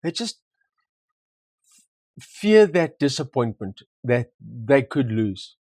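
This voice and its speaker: A man's voice: mid-range voice, very animated, slow, a little mellow, dry recording. A man co-hosting a property discussion, talking casually and reflectively, telling anecdotes and repeating words for emphasis. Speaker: property market co-host. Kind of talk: casual conversation.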